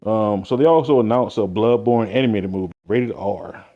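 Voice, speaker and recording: Man, low mellow voice, laid-back podcast chat, dull lo-fi sound. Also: moderate pace. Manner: relaxed, laid-back, agreeable. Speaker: podcast co-host.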